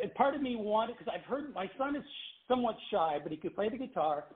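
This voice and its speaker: A middle-aged man from Canada, a former child pop singer, telling stories in a casual interview with lots of laughter. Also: high voice. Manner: animated, laughing storyteller. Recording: phone-like line.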